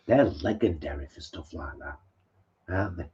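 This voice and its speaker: Deep, mellow man. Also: expressive, moderate pace, dull audio. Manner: chatty, down-to-earth banter. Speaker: co-host of a live stream. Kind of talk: casual live-stream chat. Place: home lounge.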